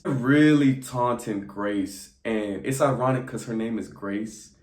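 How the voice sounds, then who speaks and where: Animated young man recapping a movie. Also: medium pitch. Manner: animated, acts out character lines in quick voices. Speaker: movie reviewer. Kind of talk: casual spoiler recap. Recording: echoey room.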